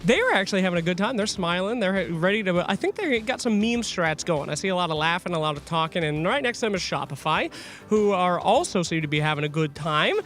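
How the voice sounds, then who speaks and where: High, lively and bright joking male host. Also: fast talker. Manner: playful, energetic and teasing. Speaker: roaming event host. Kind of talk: joking live broadcast banter.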